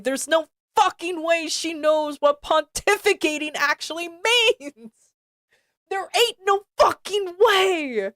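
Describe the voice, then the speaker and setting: A woman streamer with an extremely high, fairly bright voice reads a text aloud on a live stream and reacts to it, ranting, swearing, and repeating herself in exasperated disbelief. The studio-quality recording has no echo.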